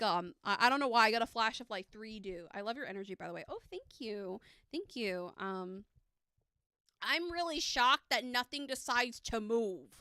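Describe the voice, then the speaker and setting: A woman's voice: a little high, sharp tone, clean tone, dry recording. A woman giving a live tarot reading, chatty and upbeat, with lots of fillers, speaking close to a streaming mic.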